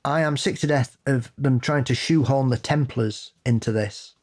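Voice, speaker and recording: A man co-hosting a podcast, talking in a loose, casual way. He is blunt and sweary and holds strong opinions, and his pitch sits in the middle range. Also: normal speed. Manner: blunt, sweary and opinionated, building to animated laughing rants. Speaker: podcast co-host. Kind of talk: casual chat.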